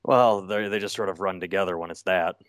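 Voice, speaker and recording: A man who is a comedian, guesting on a podcast with deadpan, self-mocking humor. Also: low-pitched, a little fast, no echo, clean studio sound. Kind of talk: casual podcast interview.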